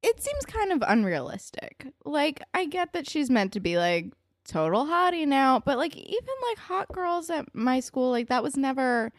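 Indignant young woman, pitch swooping up. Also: moderate pace, dry recording, studio quality. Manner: animated, indignant, swoops up in pitch, many fillers. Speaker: podcast co-host. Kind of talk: casual chat.

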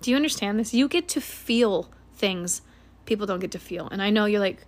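With a medium-pitched voice, this podcast host speaks animatedly at a moderate pace. She's a woman in her late twenties offering frank, heartfelt motivation in a casual monologue, cursing throughout.

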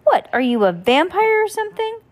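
A woman's voice: very high-pitched, big pitch swings, brisk, voice pushed up. A woman reading as a sulky, dramatic little girl. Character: young girl, dramatic and grumpy.

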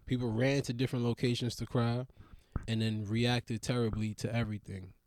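A young man riffing in a casual comedic monologue, rambling and profane, with big jumps up in pitch when he gets worked up. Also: level tone, normal speed, a little mellow, no room sound. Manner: trails off into mutters.

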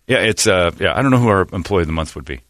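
A man's voice: deep voice, expressive, very fast, fairly bright tone, no echo. A man hosting a radio show, talking in blunt, opinionated studio banter.

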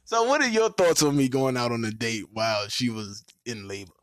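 A man hosting a podcast, telling a story in a casual, animated way and laughing often. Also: medium pitch, brisk, no echo, studio quality. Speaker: podcast host.

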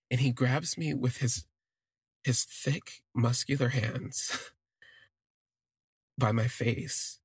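A man telling a personal story in an expressive, self-deprecating way, drifting into asides. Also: mid-range voice, breathy edge, dry recording, studio quality. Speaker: podcast storyteller.

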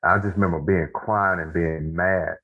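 Casting: deep-voiced man, husky, earnest storyteller, heard through a tinny phone-like line. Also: steady tone. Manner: earnest storytelling, slows for emphasis. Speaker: podcast guest, author. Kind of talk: casual conversation. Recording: phone-like narrow band.

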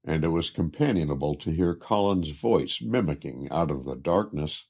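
A man narrating a literary travel story in a measured way. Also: extremely low pitch, a little mellow.

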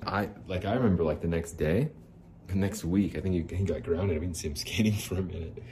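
A very deep-voiced man briskly wanders through a long, casual story about his own life, cussing freely and acting out what others told him. His tone is warm, and faint noise lies beneath the recording.

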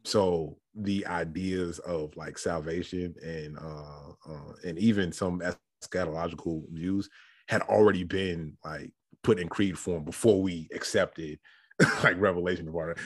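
A man's voice: low voice, a little slow, no echo. A man hosting a podcast in casual chat, thinking aloud with restarts and laughing often. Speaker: podcast host.

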